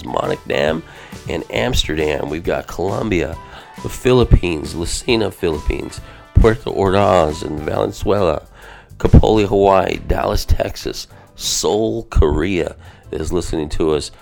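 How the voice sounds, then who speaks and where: Male pastor-host, very deep voice with heavy fry, energetic and informal. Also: normal speed, soft background music. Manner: energetic, informal, peppered with "man" and "bro". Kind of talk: casual devotional podcast chat.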